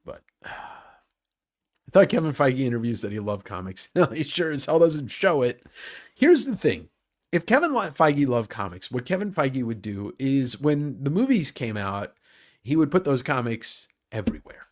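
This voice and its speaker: A man's voice: mid-range voice, expressive, moderate pace. A man hosting a casual livestream chat about comics who rambles, jokes and swears freely. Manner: rambling, joking, profane. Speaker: host.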